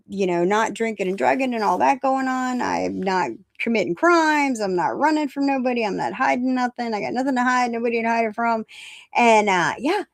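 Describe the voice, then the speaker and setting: A woman's voice: on the high side, dry recording, clean studio sound. A woman in her fifties hosting a recovery talk, blunt and self-mocking, stressing her points by repeating phrases and laughing at her own jokes. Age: 50s. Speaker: recovery meeting host. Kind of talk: casual live-stream talk.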